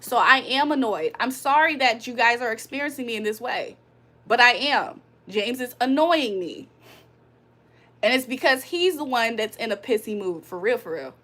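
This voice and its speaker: Bright, high-voiced annoyed woman streamer. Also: lively intonation, normal speed. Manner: blunt, profane, annoyed venting with frequent laughs. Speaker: spiritual reader and livestream host. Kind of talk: casual livestream chat and card readings. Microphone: streaming setup.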